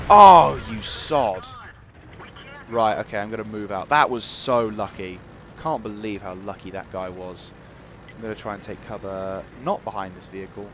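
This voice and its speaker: A man's voice: lowish voice, background noise. Rambling man commentating a game. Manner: rambling, swears in sudden outbursts. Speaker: gameplay commentator. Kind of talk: live gameplay commentary.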